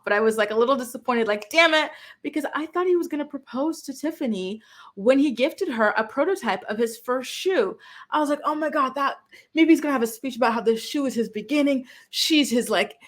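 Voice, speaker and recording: A woman hosting a reality TV recap, talking casually to camera in an animated, chatty way and acting out what people said. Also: a little high. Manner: animated, chatty, acts out quotes with lots of "like".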